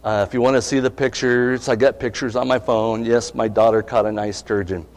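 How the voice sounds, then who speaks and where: A man's voice: mid-range voice, level tone, fairly quick. A middle-aged male pastor preaching a sermon, conversational and asking his congregation questions. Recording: long reverb of a hall.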